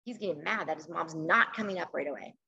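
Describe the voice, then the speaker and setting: A woman teacher reading a picture book aloud to children over a video call, expressive and coaxing, pausing to ask questions. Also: lowish voice, vocal fry, husky, dull audio.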